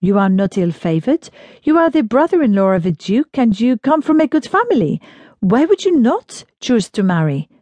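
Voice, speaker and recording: Brief: woman voicing bold flirtatious Frenchwoman, lilting French accent, high bright delivery, blunt and teasing. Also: very animated, normal speed, dry recording. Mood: coaxing. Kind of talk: audiobook character reading.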